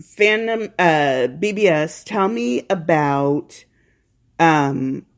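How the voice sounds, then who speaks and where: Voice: medium pitch, lively intonation, extremely slow. Chatty podcast host who laughs often. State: unwell. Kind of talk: casual podcast chat. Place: home.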